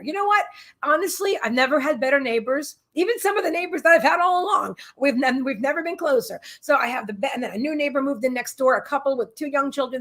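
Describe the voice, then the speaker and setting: A woman's voice: sits high, sharp tone. A woman hosting a psychic livestream from her apartment, talking in a candid, rambling way with many restarts. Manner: candid, heartfelt. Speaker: psychic host. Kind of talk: casual livestream chat.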